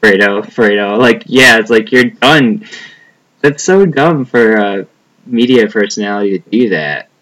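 A man's voice: medium pitch, a little slow, a bit bright, low-quality recording. A young man chatting casually as a podcast co-host, rambling and profane, trailing off with a lot of "like". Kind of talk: casual chat.

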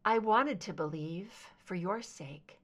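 Woman doing a steady, firm lady agent, calm and low, audiobook read. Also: slow pace. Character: calm, firm female FBI agent and doctor.

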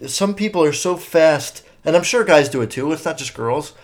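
A man's voice: fairly high pitch, lively intonation, moderate pace. A young man hosting a solo podcast, chatting casually and rambling with lots of fillers and swearing. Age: young adult. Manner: rambling and profane, many fillers. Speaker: podcast host.

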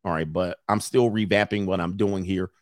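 A man with a low, fairly even voice at a moderate pace hosts a life-coaching livestream, ranting bluntly and profanely while answering super chats. He repeats phrases and laughs between points, and the clean studio sound has no echo.

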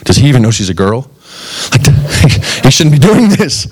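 A man preaching a sermon, mimicking a group of wary male followers who gossip in a quick, scandalized tone. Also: mid-range voice, very animated, slightly rough.

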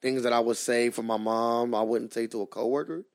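A man's voice: medium pitch, fairly even intonation, fairly quick. A man co-hosting a podcast, arguing his point in casual chat and joking around. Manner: argumentative, joking, laughs often. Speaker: podcast co-host.

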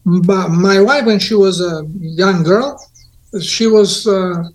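High-voiced man telling earnest stories. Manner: earnest, lively storytelling with pauses and restarts. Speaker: guest. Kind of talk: casual conversation.

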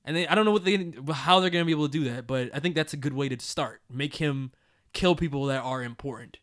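A young man co-hosting a casual chat, animated and blunt, swearing often and laughing a lot. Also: on the high side, quick pace. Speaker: podcast co-host.

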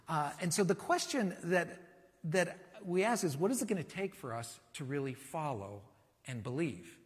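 Husky-voiced preacher in an echoing hall. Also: male voice, on the high side. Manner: conversational, animated preaching with rhetorical questions. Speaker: pastor. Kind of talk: sermon.

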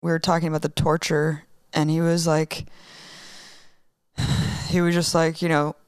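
A young woman telling a story in a casual interview, emotional and rapid, swearing often. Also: low-pitched, level tone, clean tone, no echo, clean studio sound. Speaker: guest.

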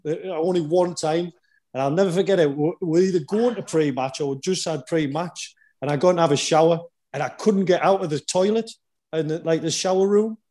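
A man, a former footballer who hosts the chat, telling animated anecdotes and chuckling often. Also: fairly high pitch. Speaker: podcast host and former footballer. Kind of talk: casual storytelling chat.

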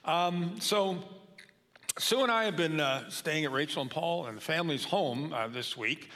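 A man's voice: a little high, normal speed, sharp tone. An older man giving a sermon as a guest preacher, talking in a loose, conversational way with many fillers. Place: church sanctuary. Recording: long hall reverb.

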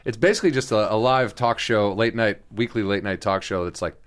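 A man co-hosting a casual comedy podcast, riffing, incredulous and quick to laugh. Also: fairly low pitch. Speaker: podcast co-host.

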